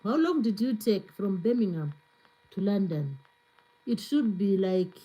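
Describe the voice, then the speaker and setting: A woman's voice: medium pitch, mellow, low-quality recording. A woman hosting a live stream, chatting casually and reading out viewer comments to answer them. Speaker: cooking channel host on a live stream.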